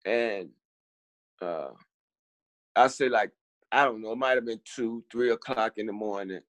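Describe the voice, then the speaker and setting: A middle-aged man from Richmond, a podcast guest telling his story in a halting way, repeating words and acting out the people he quotes. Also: fairly low pitch, fairly bright tone, no room sound. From Richmond, Virginia. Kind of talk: storytelling interview.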